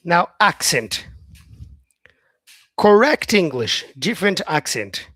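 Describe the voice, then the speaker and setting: A man's voice: high voice, very animated, takes it slowly, fairly bright tone, dry recording. Chatty man teaching English live. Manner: chatty, repeats "yeah" often, greets viewers by name; models words by saying them in several ways. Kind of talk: live-streamed English lesson.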